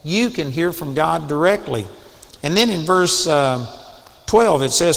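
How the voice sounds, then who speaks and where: A man preaching a sermon, earnest and emphatic, drops into quiet storytelling, then builds back up to raised exhortation. His voice sits somewhat high for a man. It rings out with a long hall reverb. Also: lively intonation, a little slow, gravelly.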